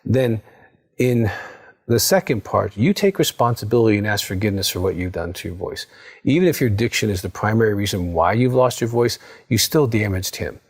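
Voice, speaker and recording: A middle-aged male counselor with a somewhat low, husky voice. He gives earnest, coaching advice and checks in often with the listener. His delivery is steady and direct. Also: fairly quick. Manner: earnest, coaching, many "okay?" check-ins. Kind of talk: direct-to-camera advice talk.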